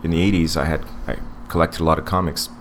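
Deep voiced guy in his 40s rambling on a podcast, lots of ums, bit of hiss. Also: steady tone, fast talker. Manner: rambling, digressive, many fillers and restarts. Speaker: podcast co-host. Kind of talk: casual podcast movie review.

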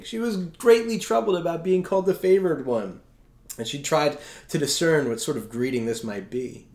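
A man's voice: medium pitch, brisk, a little mellow, roomy sound. A man preaching a sermon as pastor in a conversational way, often checking in with his listeners. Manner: conversational, keeps asking "right?".

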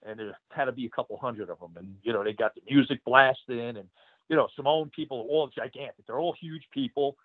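A man's voice: medium pitch, fast, no echo. Rambling ex-wrestler man on a tinny line. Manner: rambling, many fillers, laughs through stories. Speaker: retired pro wrestler guest. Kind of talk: casual storytelling interview.

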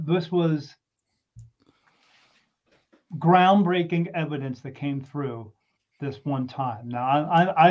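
A man casually telling a personal story in an animated way, swearing freely and often restarting his sentences. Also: on the high side. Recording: dull lo-fi recording.

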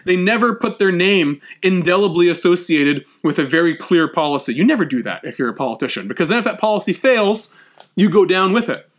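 A man with a high-pitched voice lecturing on history. He talks animatedly, slips into acted-out quotes, and often stumbles and restarts mid-phrase. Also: lively intonation, fairly quick.

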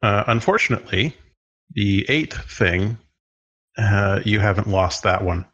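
A man with a fairly low voice narrates as the game master of a tabletop game. He describes the action at an easy, unhurried pace, with plenty of "uh"s along the way. The recording sounds dull and lo-fi. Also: a bit bright. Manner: unhurried, descriptive, with filler words.

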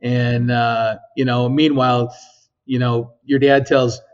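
A man's voice: mid-range voice, flat delivery, slow. A man working as an engineer at a physics lab, explaining his work in a casual interview, rambling with many ums and tag questions. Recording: slightly dull lo-fi sound.

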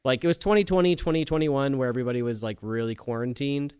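A woman's voice: very deep voice, quick pace, clean tone, no echo, studio quality. A woman co-hosting a casual podcast, reading odd news stories aloud and laughing along. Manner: laughing, shouting quoted lines for comic effect. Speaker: podcast co-host.

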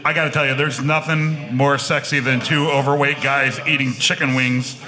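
A man's voice: medium pitch, little pitch movement, normal speed, reverberant, low-quality recording. A man hosting a podcast in casual chat, teasing his guests, laughing and swearing freely. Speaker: podcast host. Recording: loud crowd chatter behind. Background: crowd chatter.

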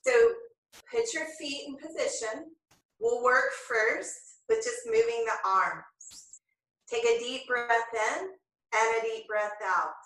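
Slow, bright-voiced woman leading yoga. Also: on the high side. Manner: slow, calm cueing of breath and movement. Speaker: yoga instructor. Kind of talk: guided yoga class. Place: home room, filmed on own camera. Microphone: camera mic at a distance. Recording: very echoey room, voice far from the mic.

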